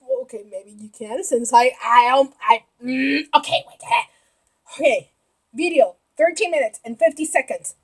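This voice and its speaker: A young woman hosting a reaction video, gushing and emotional, often shouting and giggling as she comments. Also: high voice, normal speed, slightly rough.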